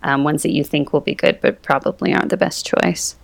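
A woman's voice: low-pitched, brisk, gravelly. A woman guest on a podcast, explaining things confidently in casual conversation. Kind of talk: casual interview chat.

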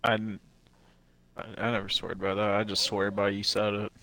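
A young man on a casual podcast, stirring things up with crude deadpan jokes. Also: fairly low pitch, normal speed.

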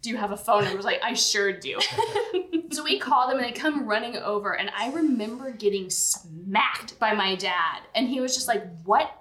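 A woman co-hosting a casual podcast, telling a lively story and laughing often. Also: medium pitch, normal speed, echoey room. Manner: animated storytelling, frequent laughter. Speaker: podcast co-host. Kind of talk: casual chat.

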